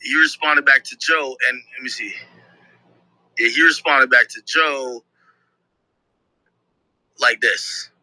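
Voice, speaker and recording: A man's voice: medium pitch, takes it slowly, long pauses, bright, forceful tone, dry recording, low-quality recording. Man hosting a live clip reaction. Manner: searching aloud, hesitant fillers. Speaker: livestream host reacting to clips. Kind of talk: casual live commentary.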